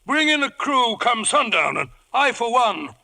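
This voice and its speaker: An actor playing a blustering gentleman squire in a 1950s radio drama. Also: very high-pitched, big pitch swings, measured pace, vocal fry, heavily acted. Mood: brisk.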